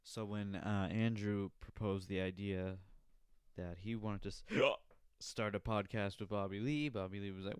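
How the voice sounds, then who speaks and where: A man's voice: fairly low pitch, steady tone, moderate pace, smooth, no echo, clean studio sound. A young man hosting his own podcast, rambling casually with lots of swearing and laughing at his own jokes. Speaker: podcast host. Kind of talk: casual solo podcast chat.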